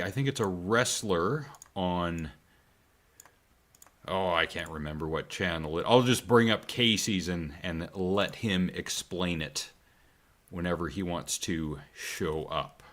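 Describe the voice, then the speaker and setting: A man's voice: low-pitched, fairly bright tone. A man co-hosting a casual podcast chat, rambling with frequent hesitations and trailing off. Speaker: podcast co-host.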